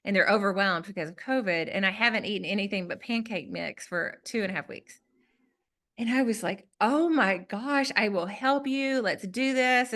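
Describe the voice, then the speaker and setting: A woman with a Southern US accent, a guest author telling a personal story in an animated, self-deprecating way in a podcast interview. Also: mid-range voice.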